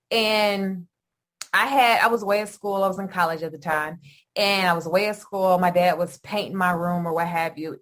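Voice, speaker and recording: A middle-aged woman from Michigan hosting a podcast, telling a personal story in an animated way and talking straight to her listeners. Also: lowish voice. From Michigan, USA. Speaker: podcast host. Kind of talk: storytelling monologue.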